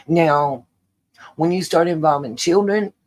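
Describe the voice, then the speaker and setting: A woman's voice: sits low, a little slow, darkish tone. A woman hosting her own channel, giving opinion commentary straight to her viewers, emphatic and repeating her points for weight. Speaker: channel host.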